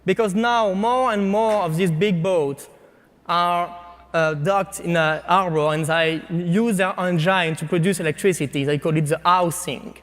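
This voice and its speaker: A man with a French accent giving a startup pitch to an audience, speaking haltingly with frequent fillers and restarts. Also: fairly bright tone, big-room sound. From France. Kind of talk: competition pitch presentation.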